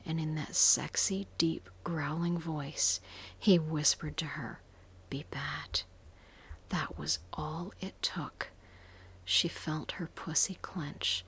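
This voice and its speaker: A woman reading a story aloud in a soft, unvoiced whisper throughout. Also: low voice, a little hiss or hum.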